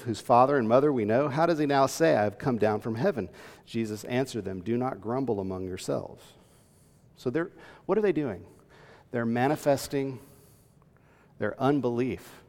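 Man, preacher, sermon, gravelly voice, earnest emphatic teaching, long hall reverb. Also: medium pitch, a little mellow. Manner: earnest teaching, reading scripture aloud, rising to emphatic peaks.

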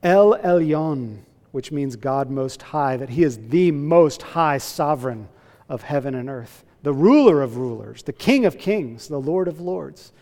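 A man preaching a sermon as a pastor, earnest and emphatic, slowing down to stress key phrases. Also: on the high side, animated, a little mellow, long reverb tail.

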